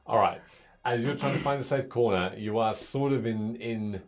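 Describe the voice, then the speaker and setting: A man narrating as game master of a tabletop game, halting and full of fillers and restarts. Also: medium pitch.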